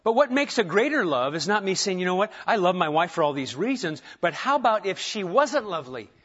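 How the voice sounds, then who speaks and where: A man preaching a sermon to his congregation, conversational and self-deprecating, moving from quiet asides to emphatic points. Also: sits high, big pitch swings, a little fast, husky, lo-fi sound. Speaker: pastor. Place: church sanctuary.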